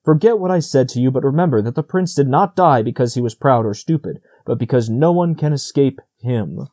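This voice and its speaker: Man voicing a crow, solemn, impudent, gloomy, mellow, storybook. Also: medium pitch, expressive, brisk, natural voice.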